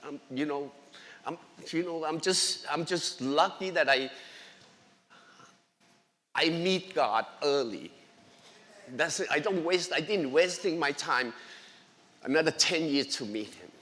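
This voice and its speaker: A man's voice: fairly high pitch, expressive, a little slow, pauses often, bright, forceful tone. A man giving an earnest, emotional personal faith testimony in a church, speaking English with non-native grammar. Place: church sanctuary. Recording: long reverb of a large hall.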